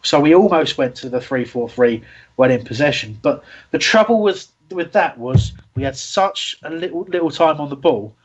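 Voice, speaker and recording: Rambling husky-voiced male host. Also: on the high side, lively intonation, normal speed, lo-fi sound. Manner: rambling, self-deprecating, many fillers. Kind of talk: casual football talk show.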